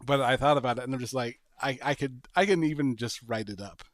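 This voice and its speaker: A man hosting a podcast, chatting casually and pitching a sketch idea with animated storytelling and bursts of laughter. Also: quick pace, no echo, clean studio sound. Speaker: podcast host. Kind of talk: casual chat.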